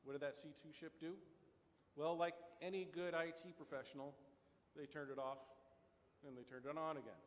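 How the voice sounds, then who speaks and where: A man's voice: on the high side, fairly even intonation, moderate pace. A man giving a prepared talk as a conference panel speaker, with a storytelling manner and wry asides. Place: conference hall. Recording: long hall reverb.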